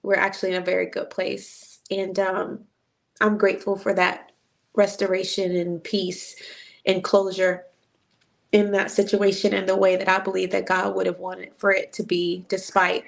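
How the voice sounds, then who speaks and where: Gravelly-voiced woman preaching her testimony. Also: mid-range voice, completely flat delivery, moderate pace. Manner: preachy, emotional, repetitive phrasing. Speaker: host. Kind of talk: casual testimony chat.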